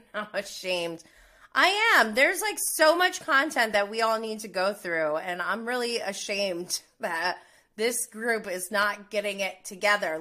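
Chatty gossiping woman, bright voice. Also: medium pitch. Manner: chatty, many "like"s, laughs between lines; indignant outbursts. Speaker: reality TV commentator. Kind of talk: casual gossip chat.

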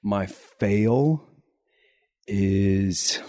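A man with a low, mellow voice talks through a casual podcast chat, a little congested from his nose. He rambles and repeats words as he thinks. The sound is dry and close. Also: steady tone, normal speed, no room sound. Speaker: podcast co-host.

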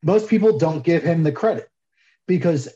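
A man talks as a podcast guest over slightly muffled, lo-fi audio. His voice sits a bit high but sounds mellow and dark in tone. He comes across opinionated and self-deprecating, and he gets animated when he argues. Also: normal speed. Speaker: guest soap maker. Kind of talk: casual podcast interview.

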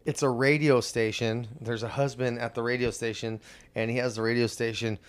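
A man co-hosting a casual podcast, swearing a lot and telling stories with lively voices. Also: mid-range voice, a little fast, clear, resonant tone. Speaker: podcast co-host. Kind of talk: casual profane podcast banter.

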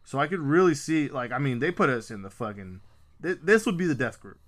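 A man in a casual sports chat who talks excitably, swears freely and rattles off lists of teams. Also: medium pitch, a little fast.

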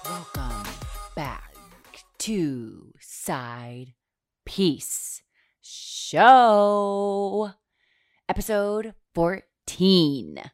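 A woman's voice: fairly low pitch, animated, drawn-out words, pauses often, no echo, soft background music. A woman in her thirties hosting a podcast in casual chat, chatty and self-deprecating, swearing casually. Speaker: podcast host.

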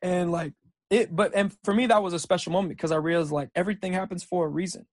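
A man's voice: sits high, fairly even intonation, quick pace, dry recording. Laid-back young man telling stories. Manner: laid-back, rambling storyteller saying "dude" and "like". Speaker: podcast guest, junior college football player. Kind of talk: casual chat.

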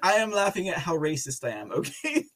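A man's voice: high voice, big pitch swings, brisk, fairly bright tone. A man hosting a political commentary podcast, sarcastic and often laughing. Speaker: podcast host.

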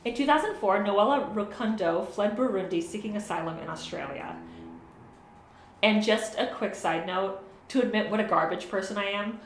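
A woman's voice: medium pitch, normal speed. Casual, swearing podcast host woman. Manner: swears casually, laughs often, self-deprecating. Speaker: podcast co-host telling a true story. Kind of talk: casual podcast chat and storytelling. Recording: roomy with faint noise.

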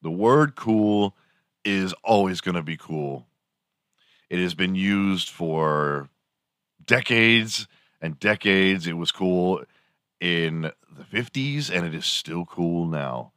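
A man's voice: sits low, animated, slow pace, fairly bright tone, dry recording, studio quality. A man hosting a morning show, rambling through a crude, sarcastic comedic monologue.

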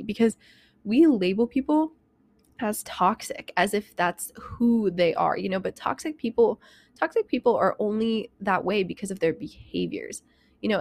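A young woman hosting a self-help podcast, talking fast and candidly with lots of "like" and "you know", a bit out of breath. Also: medium pitch, no room sound. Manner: rapid, chatty, heavy use of "like" and "you know", candid and emphatic. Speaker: podcast host.

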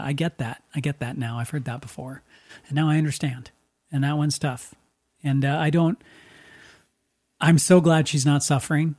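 A man, a radio DJ hosting a podcast, talking in a reflective, halting way and acting out the people in his story. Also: mid-range voice, darkish tone. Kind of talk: casual podcast conversation.

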